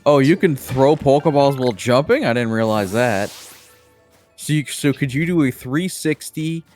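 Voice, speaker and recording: A man's voice: medium pitch, animated, normal speed, a little mellow, faint music behind. A young man co-hosting a let's-play, chatting with joking, playfully exasperated banter. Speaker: co-host, player. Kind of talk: casual let's-play chat.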